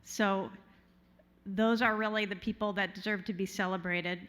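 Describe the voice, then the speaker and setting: Earnest woman with a flat, even delivery. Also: medium pitch. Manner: earnest and measured, with a dry, understated humor. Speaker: award honoree giving an acceptance speech. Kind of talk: sincere acceptance speech. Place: large hotel ballroom.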